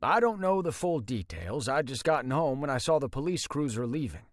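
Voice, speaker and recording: A man voicing a concerned father who calmly explains bad news. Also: medium pitch, brisk, no room sound, clean studio sound, voice pushed up, close to an everyday voice. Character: concerned older rancher father.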